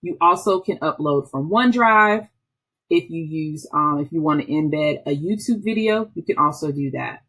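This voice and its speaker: A woman, an instructional technology trainer, walking through software step by step in a patient, explaining way with small restarts. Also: low-pitched, animated, normal speed, slightly rough. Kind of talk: screen-recorded software tutorial.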